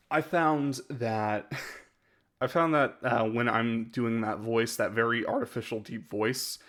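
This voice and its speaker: A man's voice: medium pitch, fairly bright tone. A man chatting casually on a live stream as he ranks his own videos, rambling and hesitant and often laughing.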